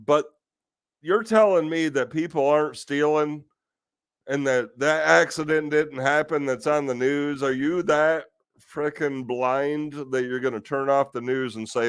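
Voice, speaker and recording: A man's voice: on the high side, unhurried, clean tone, no echo. A man hosting a casual talk stream, ranting in exasperation with rhetorical questions and the odd curse. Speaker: host of a live talk stream.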